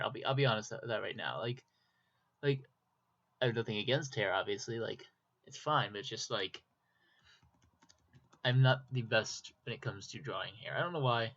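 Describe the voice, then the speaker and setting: A man's voice: medium pitch, fairly bright tone. Rambling Minnesotan guy, lo-fi mic. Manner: rambling, self-deprecating, talks to himself while drawing. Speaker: YouTuber. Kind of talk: casual drawing commentary. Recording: dull lo-fi mic.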